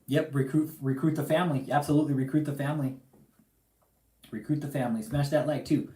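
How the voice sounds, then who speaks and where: Slightly high and mellow, this man's voice moves fast with a steady tone, and the room is echoey. He's hosting a livestream and goes on an angry, profane rant, circling back to the same points and addressing his target head-on.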